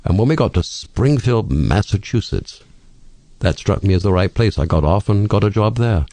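A man's voice: on the low side, normal speed, dry recording. An older man from England with a British accent, telling witty stories as a radio guest in a studio. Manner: storytelling, witty, expressive. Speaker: radio talk host, guest. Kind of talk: radio interview.

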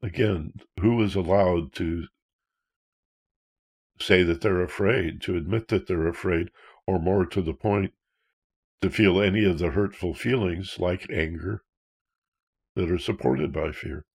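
Gravelly low-voiced man explaining earnestly. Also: unhurried, pauses often. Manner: earnest, explanatory, with rhetorical questions. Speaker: counselor. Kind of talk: talk on emotional self-awareness.

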